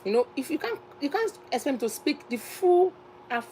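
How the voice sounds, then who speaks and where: A woman's voice: sits high, very animated, moderate pace, dark tone, slight background noise, low-quality recording. A woman from Nigeria with a Nigerian accent, hosting a casual live stream chat and talking in a chatty, repetitive, emphatic way.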